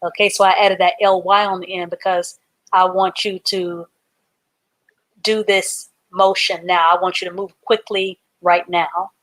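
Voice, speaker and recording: Woman, reading teacher, live online class; unhurried, lower voice, spells words aloud. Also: level tone, a bit bright. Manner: slow, patient, spells words out letter by letter. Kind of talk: live online literacy lesson.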